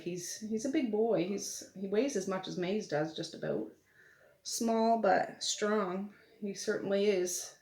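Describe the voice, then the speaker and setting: A woman's voice: mid-range voice, gravelly. Chatty woman in an echoey home. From Nova Scotia, Canada. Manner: chatty, warm asides with soft laughs. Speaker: vlogger. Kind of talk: casual chat while opening mail. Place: family home at night. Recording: echoey room, audible background noise.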